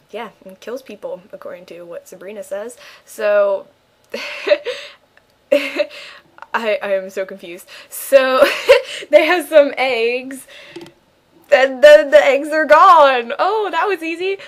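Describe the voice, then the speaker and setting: Giggly, rambling young woman gamer. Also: on the high side. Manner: rambling, sarcastic, giggly, lots of ums. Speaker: let's play commentator. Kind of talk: casual gameplay commentary.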